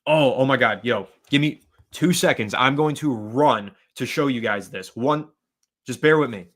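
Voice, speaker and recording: A chatty male host with a sharp, bright voice. He talks loosely and rambles as he reads viewer comments on a live stream, shouting out people by name between his thoughts. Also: medium pitch, normal speed.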